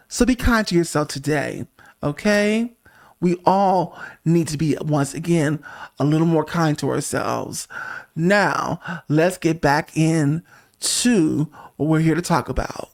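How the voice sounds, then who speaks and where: A man's voice: on the high side, a little slow. A man hosting a pop music review show, talking straight to the viewer in a sassy, emphatic way. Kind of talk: casual opinionated monologue.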